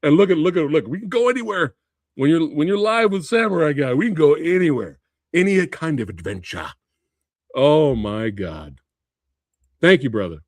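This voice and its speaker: A man hosting a casual livestream, reacting with laughter and loud exclamations, swearing freely. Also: a little high, animated, moderate pace, no echo. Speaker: movie review livestream host.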